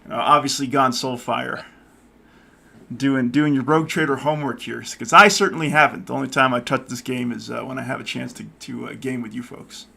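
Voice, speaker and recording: A man hosting a co-op game stream, talking loudly and cheerfully with his players. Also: medium pitch, brisk, gravelly, breathy edge. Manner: loud and lively, says so himself. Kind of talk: casual live-stream chat.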